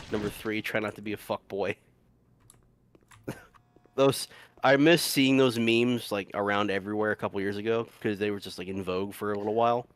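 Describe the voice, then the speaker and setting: A man's voice: fairly low pitch, fairly even intonation, normal speed, pauses often, no echo. A man casually commenting while playing a video game, rambling, swearing freely and laughing often.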